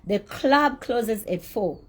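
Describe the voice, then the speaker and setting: A woman's voice: fairly high pitch, lively intonation, takes it slowly. A middle-aged woman telling her side of a dispute over an unpaid appearance, blunt, indignant and swearing freely. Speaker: celebrity recounting a dispute. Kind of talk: heated personal storytelling.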